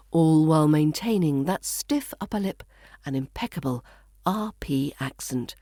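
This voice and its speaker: A woman speaks in a polished British RP accent, teaching pronunciation with measured, precise delivery. Her voice sits low for a woman and is heard close up in a dry, dead room. She repeats each example phrase carefully, like a patient coach. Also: dark tone, no echo. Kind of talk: pronunciation lesson with example sentences.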